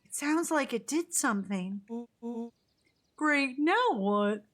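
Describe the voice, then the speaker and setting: A woman's voice: high voice, animated, slow pace, background noise. A woman streamer chatting playfully through a game, humming and making little sound effects as she clicks around. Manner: playful, hums and makes beeping sounds while clicking. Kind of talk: live game playthrough commentary.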